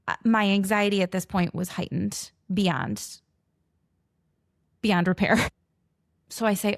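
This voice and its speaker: A woman's voice: mid-range voice, a little slow, long pauses, no room sound, clean studio sound. A woman in her forties, a mother, telling a personal story to camera and acting out both sides of each conversation. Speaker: mother of a teenager with food allergies.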